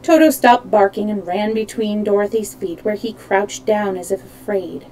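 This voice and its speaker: A woman's voice: medium pitch, moderate pace, mellow, a little hiss or hum, low-quality recording. A woman reading a children's storybook aloud, animating the characters and correcting small slips as she goes. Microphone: streaming microphone.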